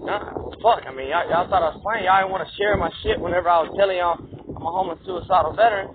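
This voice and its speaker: High-voiced man ranting angrily, tinny wind-blown audio. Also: fast talker. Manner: angry, profane, rambling rant. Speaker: vlogger. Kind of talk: ranting monologue to camera.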